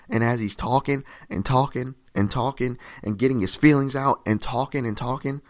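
A man preaching a sermon in a conversational, repetitive way, often checking in with "right?" and rising in pitch and volume to stress a point. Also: a bit bright. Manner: rises in pitch and volume for emphasis.

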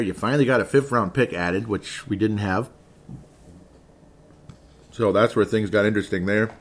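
Rambling low-voiced male sports talker. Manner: rambling, self-correcting, conversational. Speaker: sports podcast host. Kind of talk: casual solo sports commentary.

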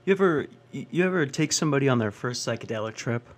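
A young man telling stand-up stories in an ordinary mid-range voice. He swears freely, sounds exasperated, and jumps into the voices of the people he describes before dropping back to his own flat delivery. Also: mid-range voice, fast. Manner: profane, exasperated, acts out characters. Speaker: stand-up comedian. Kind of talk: stand-up storytelling.

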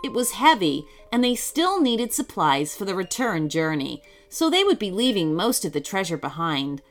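A woman reading a children's story aloud in a slow, expressive way. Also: mid-range voice, faint music behind.

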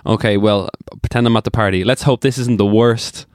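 A man's voice: fairly low pitch, steady tone, brisk, a little mellow, dry recording, studio quality. A young man co-hosting a podcast in casual chat, rambling and joking with lots of fillers. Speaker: podcast co-host.

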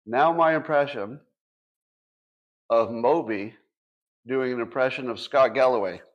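A man's voice: mid-range voice, measured pace, muffled recording. A man in his sixties hosting a casual livestream, talking to his audience with dry sarcastic asides. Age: 60s. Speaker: podcast host.

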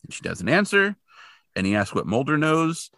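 Guy co-hosting a podcast, bouncy pitch, bit of gravel, dry close mic. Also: no echo. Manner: animated, jokey, does quick character voices. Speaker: podcast co-host. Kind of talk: casual chat recapping a TV episode.

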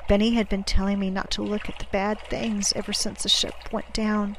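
A woman narrates an audiobook in the first person, her voice sitting in a plain middle register. Her delivery is measured and dramatic, and it sinks to a near-whisper when the tension builds, over faint background noise. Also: medium pitch, flat delivery, poor audio. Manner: measured, dramatic, dropping to a hush at tense moments.

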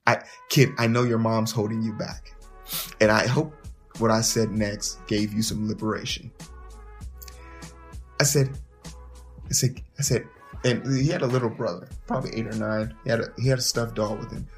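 A man hosting a podcast, telling a story in an animated, profane way, often stumbling and repeating words as he starts his sentences. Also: fairly low pitch, moderate pace, pauses often, faint music behind. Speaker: podcast host. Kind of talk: storytelling monologue.

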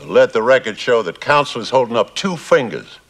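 A man's voice: medium pitch, lively intonation, fairly quick, fairly bright tone. An actor playing a formal male courtroom judge, clipped and easily baffled, in a film scene.

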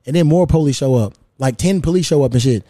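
A man in his thirties hosting a casual podcast, telling a story in a lively, profane way. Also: mid-range voice, fast, dry recording, studio quality. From United States. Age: 30s. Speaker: podcast host.

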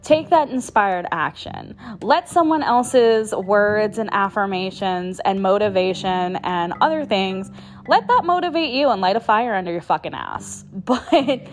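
A woman hosting her own podcast, talking in a casual motivational monologue, chatty, laughing often and swearing for emphasis. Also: medium pitch. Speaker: podcast host.

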